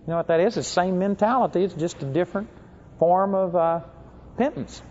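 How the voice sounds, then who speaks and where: A man preaching a sermon, telling stories and acting out the people in them. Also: fairly quick. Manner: animated storytelling, acts out quoted people in higher voices. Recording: dull lo-fi recording.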